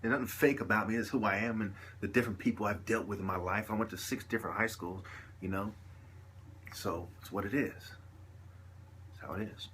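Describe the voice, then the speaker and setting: Guy vlogging, low voice, rambly and slangy, little bit of faint hiss behind. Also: steady tone, fairly quick, a bit bright. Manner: rambling, slangy, sprinkled with "you dig". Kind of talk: casual monologue to camera.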